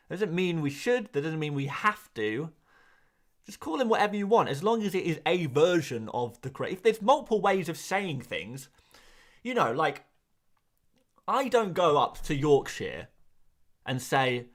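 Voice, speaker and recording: A young man from England talks loosely to his live-stream chat, and his pitch sits a little high. His voice leaps up and down as he rambles through quick asides and answers to questions. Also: lively intonation, fairly bright tone.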